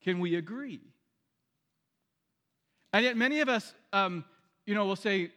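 High-voiced pastor preaching in a reverberant hall. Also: male voice, very animated, takes it slowly, pauses often, pushed and bright. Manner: conversational preaching with restarts and direct questions. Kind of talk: sermon.

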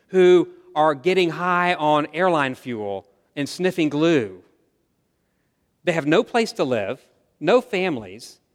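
A man's voice: fairly high pitch, in a large hall. A man preaching a sermon to his congregation in an earnest, conversational way, asking them questions. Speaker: pastor. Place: church sanctuary.

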